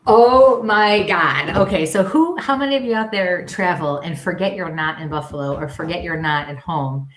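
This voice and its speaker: Woman co-host, Western New York accent, lowish voice, chatty storyteller, echoey room. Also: brisk, few pauses, a little hiss or hum. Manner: chatty, laughing, animated storytelling. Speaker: co-host, psychic medium. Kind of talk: casual live-stream chat.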